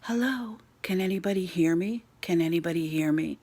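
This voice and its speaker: Lady doing a lost little ghost girl, begging softly, kinda hushed and raspy. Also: lowish voice, moderate pace. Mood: pleading.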